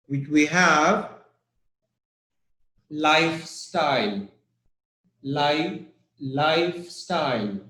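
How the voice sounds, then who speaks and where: A male English teacher speaking at a very slow, careful pace, repeating each word several times so his students can hear it. His voice sits a little high. The sound carries a noticeable room echo. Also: a bit bright. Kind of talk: online vocabulary lesson.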